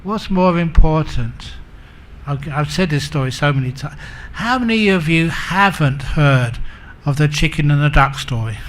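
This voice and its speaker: A man's voice: on the high side, lively intonation, unhurried, a bit bright. A man giving a Buddhist dharma talk, telling humorous stories and chuckling at his own jokes. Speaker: Buddhist monk teacher.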